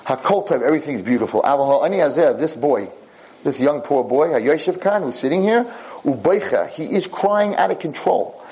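A man giving a religious lecture, telling a story in a lively way and acting out what the characters say. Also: a little high, moderate pace, low-quality recording.

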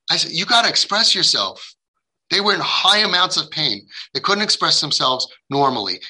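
A man's voice: on the high side, pushed and bright, slightly rough, rough recording. A man giving a heartfelt lecture to parents, speaking emphatically, acting out the dialogue he quotes, and dropping in Hebrew and Yiddish religious terms. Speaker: parenting guide addressing parents.

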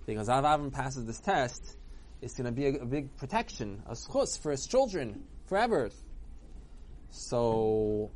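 A man retelling a religious story for children in an animated way, acting out the characters. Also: mid-range voice.

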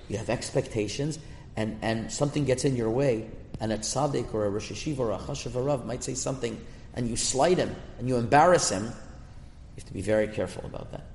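A man's voice: medium pitch, fairly quick, darkish tone, slight background noise. A man giving a Torah class as a rabbi, telling a story in an earnest, emphatic way and mixing in Hebrew terms. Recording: echoey room with long reverb.

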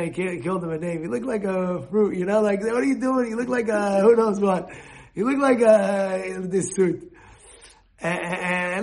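A man giving an informal sermon, animated and full of restarts, breaking into shouted quoted voices. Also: high-pitched. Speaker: rabbi giving a talk. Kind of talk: informal sermon with acted examples.

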